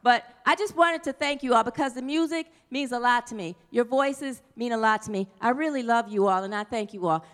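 A woman's voice: sits high, fairly bright tone. A woman minister speaking to her congregation in a church sanctuary, effusive and chatty, thanking people and leading a group prayer.

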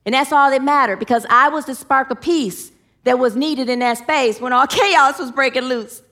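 A woman's voice: high voice, moderate pace, fairly bright tone. A woman giving a spiritual teaching talk, repeating phrases for emphasis and leading her listeners in affirmations.

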